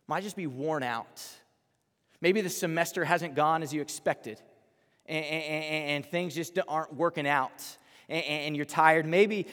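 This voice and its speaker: A young man from Texas with a Texan accent, preaching a chatty, earnest sermon as a campus pastor, often restarting his phrases. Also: high-pitched. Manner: earnest and chatty, with many false starts and repeated words. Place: large hall. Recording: live hall with long reverb.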